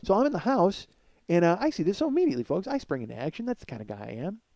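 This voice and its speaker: A man hosting a podcast, telling a profane comedic story to listeners in an animated monologue. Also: high voice, racing, creaky, no echo. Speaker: podcast host.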